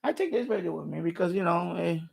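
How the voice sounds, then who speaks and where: A man's voice: high voice, lively intonation, quick pace, gravelly, a little mellow, husky. A man hosting a live stream, chatting casually and rambling, with many restarts and repeated phrases.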